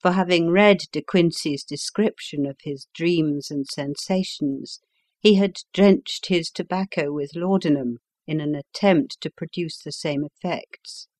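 Slow, low-voiced woman narrating. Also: darkish tone, dry recording, clean studio sound. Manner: measured, unhurried storytelling. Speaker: audiobook narrator. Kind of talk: scripted narration of a classic story.

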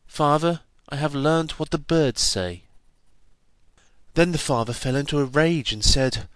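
A man narrates an old fairy tale in a measured, old-fashioned storybook manner. His voice sits at an ordinary middle pitch. The recording is dry and close, with no room sound. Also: fairly bright tone, dry recording. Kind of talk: storybook reading.

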